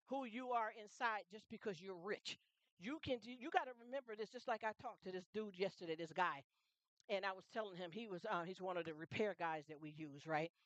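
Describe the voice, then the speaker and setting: A woman's voice: a little high, a bit bright, no echo. A middle-aged woman hosting a casual livestream chat, emphatic and repetitive, often asking her audience if they understand. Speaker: livestream host.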